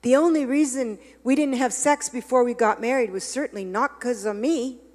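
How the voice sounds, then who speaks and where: A woman giving a confessional sermon, dropping to a hush and rising to loud preaching. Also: on the high side, normal speed, long reverb tail. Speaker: guest speaker. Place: church hall.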